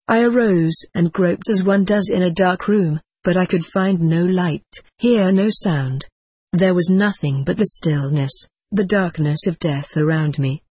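A woman reading a first-person story aloud as an audiobook narrator, in a measured and solemn dramatic manner. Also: fairly low pitch, darkish tone, slightly rough, no echo.

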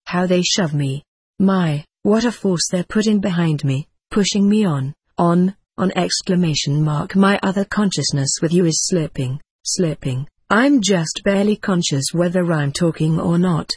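A reader voicing the quoted words of a tired woman in a trance, in an even, measured audiobook reading. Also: medium pitch, husky, no room sound, clean studio sound. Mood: strained.

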